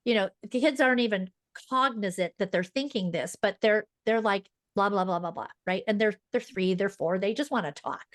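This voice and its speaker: A woman guest on a podcast interview talks quickly and emphatically, explaining things like a teacher. Her voice sits at an ordinary pitch for a woman. The recording is close and dry, with no room echo. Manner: fast-talking. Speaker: guest speech-language pathologist.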